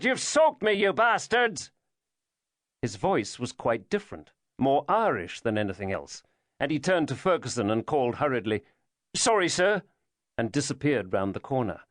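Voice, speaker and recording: A man's voice: medium pitch, dry recording. Man reading a thriller, dry and close. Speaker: audiobook narrator. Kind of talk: scripted narration.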